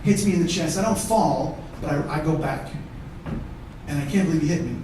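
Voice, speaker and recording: Comedian, profane stage storyteller, slightly high voice, roomy echo from a distant mic. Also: male voice, fairly quick, background noise. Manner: conversational, profane, bantering with the audience. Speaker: stand-up comedian. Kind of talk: one-man show storytelling. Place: theatre stage with live audience. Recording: echoey theatre from far off.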